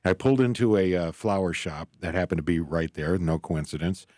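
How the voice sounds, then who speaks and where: Male guest, earnest storyteller, lowish voice, dry studio sound. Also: brisk, darkish tone, no echo. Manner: earnest, rambling, acts out quoted voices. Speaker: author and guest. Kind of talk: storytelling in an interview.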